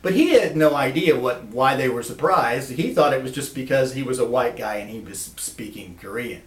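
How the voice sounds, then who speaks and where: A man telling a personal story in a lively, animated way, recorded from a distance in an echoey room. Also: mid-range voice, normal speed. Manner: animated, lively, acts out voices.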